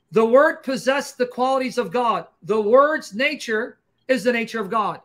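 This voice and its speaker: A man with a high, bright voice leads a livestream Q&A. He lectures emphatically and fast, pressing each point home. His delivery has a combative edge. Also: lively intonation. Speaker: Christian apologist host. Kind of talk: livestream teaching Q&A.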